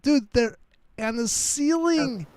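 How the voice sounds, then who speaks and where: High-voiced swearing storyteller man. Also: takes it slowly, no echo. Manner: animated storyteller, swears freely. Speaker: trading stream host. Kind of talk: casual chat.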